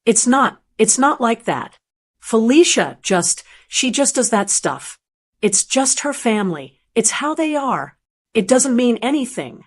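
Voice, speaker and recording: A woman's voice: big pitch swings, slightly rough, exaggerated voice. Woman reading a rambling anxious son. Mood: defensive. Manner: fast, pleading, higher than her own voice.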